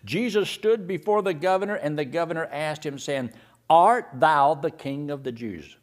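A male preacher delivering a sermon, firing rhetorical questions and reading scripture slowly, swinging between loud emphasis and hushed tones. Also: on the high side. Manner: reads scripture slowly and deliberately.

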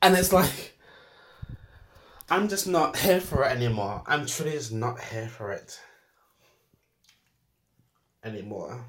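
A young man talking through an unscripted voice note monologue, sighing and laughing, with sudden loud outbursts between muttered asides. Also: mid-range voice. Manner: emotional, swinging from muttered sighs to loud outbursts; sighs and laughs often, says "girl" a lot. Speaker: podcast host.

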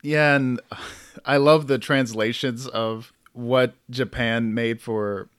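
A man of middle pitch hosts a relaxed podcast conversation. He chuckles often and trips over hard names as he talks. The sound is dry and close. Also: takes it slowly, clear, resonant tone, dry recording. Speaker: podcast host. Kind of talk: casual podcast chat.

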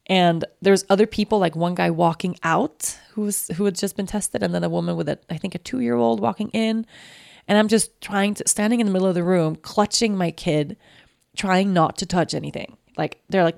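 A woman's voice: lowish voice, moderate pace, vocal fry, darkish tone, no room sound, studio quality. A woman telling an anxious personal story, rambling with lots of restarts. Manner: anxious and shaken.

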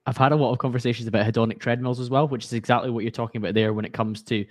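A male podcast host talks at a brisk pace, summing up what his guest has said and turning it into reflective questions. His voice sits in the middle range and sounds close and dry. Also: medium pitch, fairly even intonation, no room sound. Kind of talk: podcast interview.

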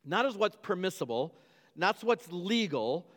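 Male pastor, slightly high voice, insistent repeating delivery, long church reverb. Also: sing-song, measured pace, a bit bright. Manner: emphatic, repetitive preaching with stumbles and restarts. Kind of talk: sermon.

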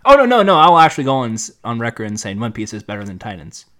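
A man's voice: medium pitch, fast talker, crowd noise. A man co-hosting a podcast, talking casually and playfully, often slipping into comic bits. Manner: animated, playful, doing bits. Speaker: podcast co-host.

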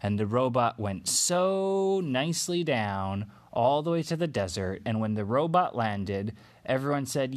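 A man telling an improvised bedtime story to a child, in a gentle way with pauses and fillers. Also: mid-range voice, very animated.

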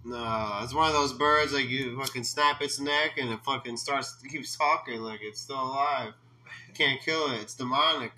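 A man's voice: mid-range voice, moderate pace, bright, forceful tone, low-quality recording. A man co-hosting a podcast, playful and slangy in casual chat. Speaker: podcast co-host.

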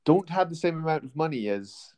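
A man's voice: a little high, expressive, a little fast, darkish tone. Rambling, hesitant man hosting a podcast. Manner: rambling, hesitant, with many fillers. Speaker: podcast host. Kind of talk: casual chat.

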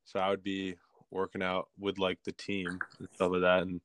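Young dude co-hosting a podcast, real low flat voice, smooth, says like a lot. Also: male voice, moderate pace, dry recording. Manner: laid-back, storytelling with many fillers. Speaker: podcast co-host. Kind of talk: casual chat.

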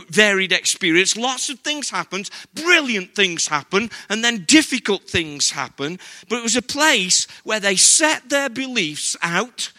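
A man's voice: high-pitched, pushed and bright. An older man with an English accent, preaching a sermon as pastor in an earnest, conversational way.

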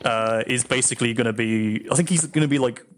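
A man's voice: medium pitch, brisk, slight background noise. Hesitant man stammering through points. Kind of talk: casual film discussion.

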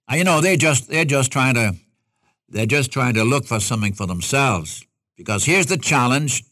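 An older man preaching an expository sermon, reading scripture aloud and rising in pitch to stress his points. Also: bright, forceful tone, no room sound, clean studio sound.

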